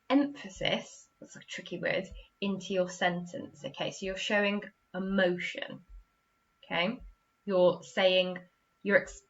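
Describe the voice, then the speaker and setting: Teacher lady, bright clear voice, keeps saying okay, slightly dull recording. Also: medium pitch. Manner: patient, repeats "okay?" after each point; acts out example sentences with big expression. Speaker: primary school teacher. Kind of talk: online literacy lesson.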